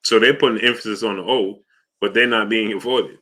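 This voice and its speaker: A deep-voiced man runs a casual live stream, calling out viewers by name and reading their comments aloud. His tone is bright and punchy. He keeps pushing people to hit the like button. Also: steady tone, brisk. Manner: shouts out viewers by name, asks for likes.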